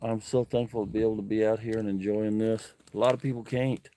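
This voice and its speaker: A man's voice: lowish voice, steady tone, fast, dark tone, slight background noise. A man, livestreaming from an outdoor campsite, talking earnestly and emotionally to viewers and reading out their comments. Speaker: camping livestreamer. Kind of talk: casual livestream chat.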